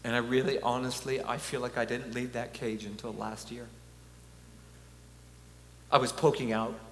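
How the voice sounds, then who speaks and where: A man's voice: mid-range voice, level tone, normal speed, a bit bright. A man giving an earnest, conversational preaching talk with chuckles, at a conference in a large hall. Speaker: conference speaker. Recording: echoey hall, faint hum.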